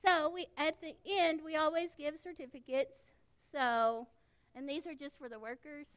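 High-voiced, animated middle-aged woman. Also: normal speed. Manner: animated storytelling, acting out quoted voices; folksy, earnest. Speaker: church camp organizer thanking volunteers. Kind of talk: informal church address.

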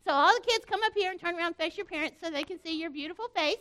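A woman leading a children's program, running loud, cheery call-and-response songs and a simple Bible lesson. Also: extremely high pitch, fast.

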